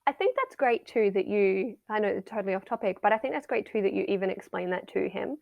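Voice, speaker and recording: A woman's voice: mid-range voice, lively intonation, quick pace, vocal fry, dry recording, dull audio. A middle-aged woman, a wellbeing coach, chatting casually on a podcast and acting out everyday scenes in quoted voices. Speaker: wellbeing and mindset coach, guest.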